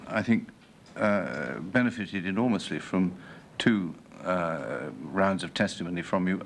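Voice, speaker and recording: Low-voiced man questioning a witness. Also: a little hiss or hum. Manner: careful, restates points before asking. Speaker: inquiry panel member. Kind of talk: formal questioning.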